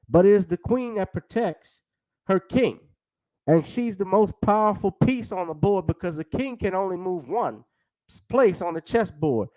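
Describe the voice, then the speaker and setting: Guy hosting a chill commentary stream, rambles, talks to chat by name, kinda high voice. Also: mellow, low-quality recording. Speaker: host. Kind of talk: casual commentary livestream.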